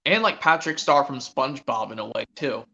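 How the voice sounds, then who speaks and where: A man chatting casually on a stream as a guest, speaking quickly with hesitant restarts. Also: medium pitch, lively intonation, gravelly, sharp tone. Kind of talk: casual chat. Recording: lo-fi online voice chat.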